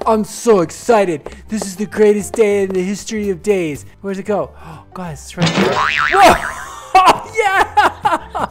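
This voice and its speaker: A woman hosting a gaming video, giving excited gameplay commentary with gasps, squeals and playful sound effects. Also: mid-range voice, moderate pace, over loud music.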